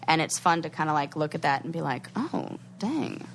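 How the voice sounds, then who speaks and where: A woman co-hosting a podcast, chatting casually and acting out what friends said in lively voices. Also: sits low, quick pace, a little hiss or hum. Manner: animated, quotes people in lively put-on voices. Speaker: podcast co-host. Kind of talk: casual chat.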